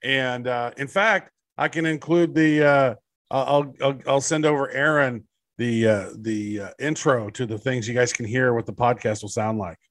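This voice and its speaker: A man's voice: medium pitch, moderate pace, fairly bright tone, no echo. A man co-hosting a podcast in casual chat, rambling and laid-back with crude humor. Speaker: podcast co-host.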